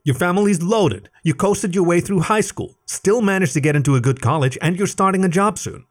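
A man's voice: high voice, fairly quick, voice pushed up, close to an everyday voice. A man voicing an anxious, sarcastic young male cat fresh out of college, reading it as a storybook. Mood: angry. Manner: exasperated and sarcastic.

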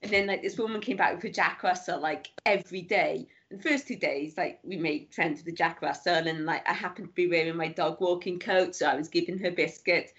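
A woman's voice: lowish voice, a little fast, hardly any pauses, a bit bright. Breezy woman, dull recording. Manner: breezy anecdotes with many "like"s and mimicked quotes. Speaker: guest author. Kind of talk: casual chat. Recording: muffled lo-fi sound.

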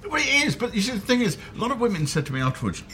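A man's voice: very high voice, very animated, very fast, bright, forceful tone, a little hiss or hum. A man from South London interviewing a guest over a meal, telling wry, self-deprecating stories. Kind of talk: casual chat over a meal. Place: dinner table. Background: clinking cutlery and dishes.

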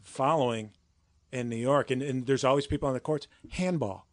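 A man's voice: mid-range voice, moderate pace, no echo, clean studio sound. A man chatting as a podcast guest, rambling and repeating himself, laughing easily. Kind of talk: casual chat.

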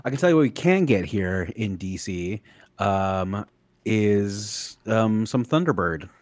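A man's voice: fairly low pitch, lively intonation, slow, darkish tone, dry recording. Male stream guest, tipsy and meandering, swears casually, dry close sound.

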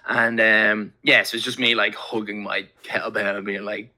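A man's voice: lowish voice, little pitch movement, moderate pace, pushed and bright. A man speaking as a podcast guest in casual chat, rambling with lots of fillers and casual swearing.

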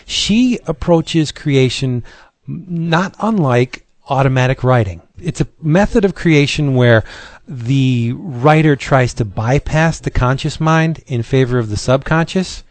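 A man with a middle-pitched voice chats enthusiastically about comics as a podcast host. His voice is dry and close, with no room sound. He rambles in a friendly, easygoing way. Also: animated, measured pace, darkish tone, no echo. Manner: enthusiastic, chatty. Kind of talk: casual chat.

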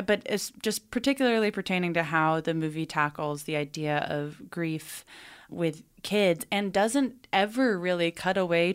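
A woman's voice: fairly low pitch, clear, resonant tone. A woman, a podcast guest, discussing a movie in casual, rambling chat with many fillers.

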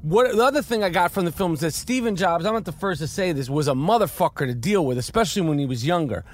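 A man's voice: a little high, animated, quick pace. A middle-aged man talking casually about a film while walking on a city street, rambling and profane, with many restarts and fiery outbursts. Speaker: podcast host and actor reviewing a film.

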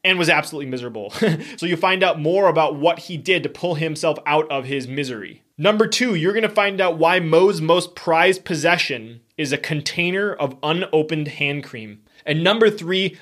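A man's voice: on the high side, a bit bright. Upbeat man hosting a podcast. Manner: upbeat, effusive, emphatic. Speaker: podcast host. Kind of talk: enthusiastic podcast intro and interview.

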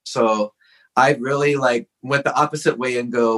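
A man's voice: medium pitch, fairly even intonation, normal speed, fairly bright tone, poor audio. A man as a podcast guest, telling a personal story in a frank, earnest way with lots of casual "like" fillers.

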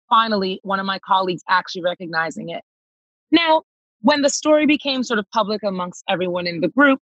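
A woman who is a touring singer tells a personal story emphatically, acting out the dialogue and calling the listener "girl." Her voice is on the high side and a bit bright, in a dry recording with dull audio.

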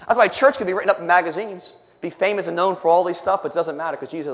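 A man's voice: sits high, very fast, fairly bright tone, slight background noise. A male preacher delivering an emphatic sermon, reading scripture aloud and commenting between the verses. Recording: long hall reverb.

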